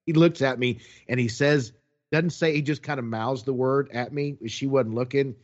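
A man telling a long story in a casual, animated way, quoting people as he goes. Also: medium pitch, moderate pace, dull audio.

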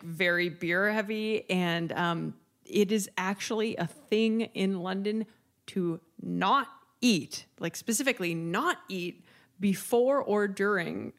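A woman's voice: medium pitch, a bit bright. A woman co-hosting a podcast in casual chat, chatty and giggly, explaining things with enthusiasm. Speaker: podcast co-host. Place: lives in Italy.

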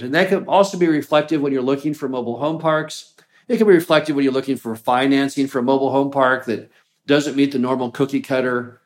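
A man hosting a business show, giving an earnest, plainspoken motivational talk. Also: fairly high pitch. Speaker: host of a mobile home park business show.

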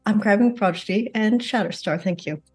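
A woman playing in a tabletop game, playful and quick to laugh. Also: medium pitch, breathy edge, soft background music. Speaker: player.

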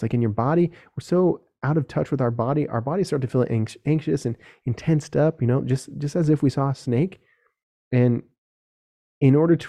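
A man's voice: medium pitch, creaky, mellow. A young man hosting a solo podcast, talking earnestly and directly to other men, casual and with some swearing. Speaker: podcast host.

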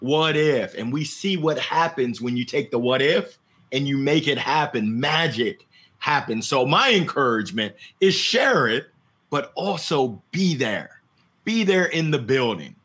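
A man's voice: mid-range voice, animated, a little slow, fairly bright tone. A man hosting a live interview show, thanking his guest with enthusiastic, effusive praise and catchphrases. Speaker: podcast host.

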